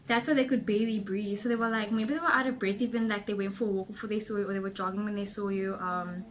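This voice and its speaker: A woman's voice: medium pitch, fairly even intonation, fast, slight background noise. A young woman giving a casual tarot reading, chatty and rambling with lots of fillers, a little out of breath. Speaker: tarot reader and vlogger.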